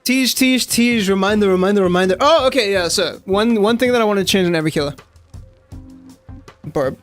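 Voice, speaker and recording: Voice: mid-range voice, fairly quick, soft background music. A young adult streamer giving casual, slangy live commentary on a match and talking straight to chat. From South Africa. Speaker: game streamer.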